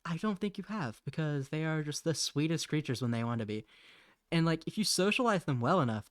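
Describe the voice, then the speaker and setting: A man's voice: fairly high pitch, lively intonation, a little fast, no room sound, clean studio sound. A man chatting casually on a live stream while he draws. He rambles, mutters to himself, and laughs often.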